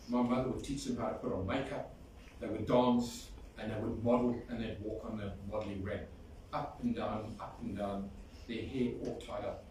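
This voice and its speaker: This man's voice sits fairly low, with little pitch movement and a moderate pace, as he tells warm stories in a eulogy and sings a folk song. The setting is a large, echoing funeral hall, captured from far away with faint noise.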